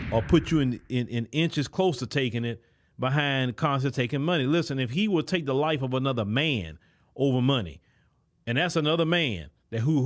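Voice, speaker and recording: A man hosting his own show, giving an emphatic, lecturing commentary with frequent stalling fillers. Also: medium pitch. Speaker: host. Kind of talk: commentary monologue.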